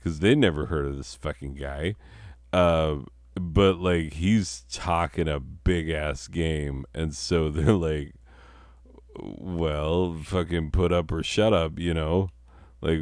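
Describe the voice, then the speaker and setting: A man's voice: a bass voice, vocal fry, a little mellow, dry recording, studio quality. A young man who is stoned and tells a rambling, profane story full of fillers while he plays a video game at his computer. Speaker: comedy storyteller and gamer.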